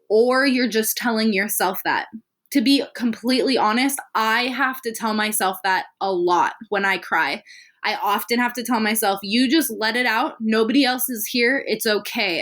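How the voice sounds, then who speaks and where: A woman's voice: medium pitch, a bit bright. A young adult woman hosting a self-care podcast, talking earnestly and candidly in an encouraging way. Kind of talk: reflective solo podcast talk.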